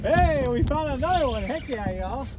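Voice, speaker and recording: A man, excitedly narrating his fishing out on the water in a hyped, exclamatory way. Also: extremely high pitch, moderate pace, very noisy. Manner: hyped and exclamatory, keeps shouting "heck yeah, baby". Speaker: fishing vlogger. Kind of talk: excited play-by-play while fishing. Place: outdoors on a kayak on open water. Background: loud background music.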